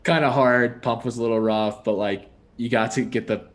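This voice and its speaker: A young man co-hosting a podcast, telling a story in a casual, animated way, laughing often and saying "like" and "dude" a lot. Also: medium pitch, moderate pace. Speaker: podcast co-host.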